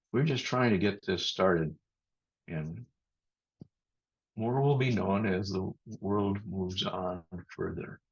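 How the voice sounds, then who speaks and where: Man, pastor, husky voice, lowish pitch, measured sermon, muffled video-call sound. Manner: measured, thoughtful delivery with pauses and restarts.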